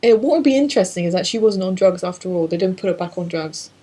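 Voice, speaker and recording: A woman co-hosting a casual film commentary podcast, brash and profane and quick to laugh. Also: lowish voice, expressive, mellow. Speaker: podcast co-host.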